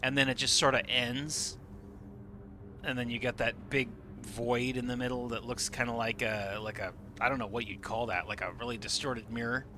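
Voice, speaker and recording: Bright-voiced man explaining space sights. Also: medium pitch, fairly even intonation, normal speed, slight background noise. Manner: enthusiastic, explains at length, swears casually. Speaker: streamer. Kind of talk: live gameplay commentary.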